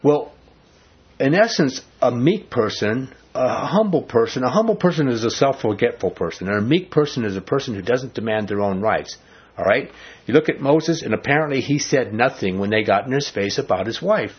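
A man's voice: mid-range voice, normal speed, slightly rough, lo-fi sound. A man leading a casual Bible study, talking in a conversational way and acting out the quotes he reads. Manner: animated, conversational, acts out quotes. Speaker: Bible teacher.

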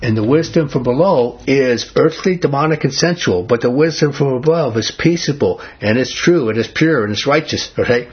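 Husky guy teaching bible study, earnest, asks the group stuff, dull lo-fi sound. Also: medium pitch, normal speed, hardly any pauses. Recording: dull lo-fi recording.

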